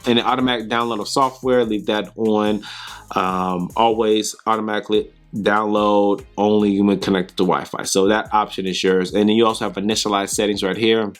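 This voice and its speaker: Low-voiced man walking through app settings. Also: normal speed, faint music behind. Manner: relaxed, talks through settings on screen with frequent ums. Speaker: tech reviewer. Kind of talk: casual app walkthrough.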